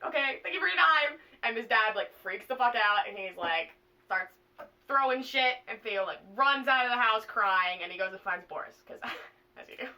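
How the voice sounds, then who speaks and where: A young woman vlogger casually retelling a plot to a friend, animated and full of swearing and fillers. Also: medium pitch, normal speed, distant mic, rough recording.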